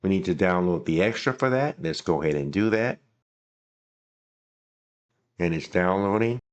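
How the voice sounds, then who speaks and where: Deep-voiced man walking through software. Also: expressive, normal speed, lo-fi sound. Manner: casual, thinking aloud while clicking. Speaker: software tutorial host. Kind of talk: screen-recording software walkthrough.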